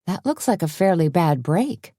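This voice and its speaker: Woman as a calm, practical woman friend. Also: fairly low pitch, moderate pace, no echo, clean studio sound. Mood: concerned.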